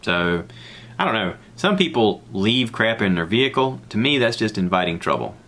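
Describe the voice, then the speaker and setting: A man from the American South with a Southern accent, hosting a podcast and telling a rambling, animated story alone. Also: normal speed. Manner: rambling, animated, acts out others' lines in a high voice. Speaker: podcast host. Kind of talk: casual solo storytelling.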